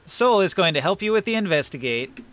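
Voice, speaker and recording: A man narrating a tabletop role-play game as the game master, explaining scenes in a lively way. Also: sits high, a little fast, noisy background. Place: home, streaming online.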